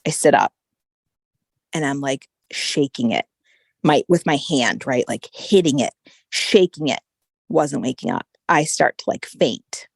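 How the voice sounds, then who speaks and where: A woman with a low, gravelly voice tells a personal story as a podcast guest. She is animated and peppers her talk with "like" and "right?". The sound is dry and close. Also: a little slow, long pauses, no echo. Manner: animated, frequent "like" and "right?" fillers.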